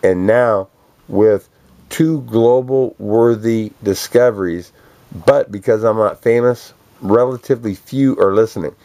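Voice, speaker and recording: A man talks straight to the camera in a rambling monologue, with a somewhat low voice. He sounds boastful and profane and throws in streetwise slang as he goes. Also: a little slow, dark tone. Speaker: vlogger addressing a celebrity. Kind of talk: rambling direct-address monologue.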